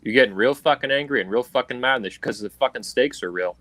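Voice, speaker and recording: A man's voice: medium pitch, quick pace, a bit bright, no room sound. A man hosting a livestream, delivering a heated, profane political rant in an angry, emphatic way over a video call. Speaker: livestream host. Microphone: video call stream.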